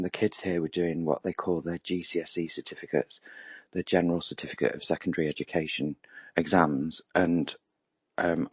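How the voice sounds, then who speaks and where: A man's voice: sits low, husky, no room sound. A middle-aged man with an English accent, chatting casually and reflectively, rambling with lots of ums. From England. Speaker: roundtable participant. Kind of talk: casual chat.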